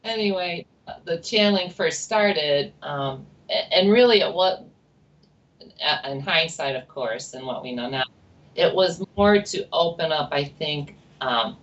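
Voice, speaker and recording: A woman's voice: low-pitched, expressive, unhurried, highs cut off. A woman guest telling her story in a chatty, rambling interview with many asides. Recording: distant mic with faint noise.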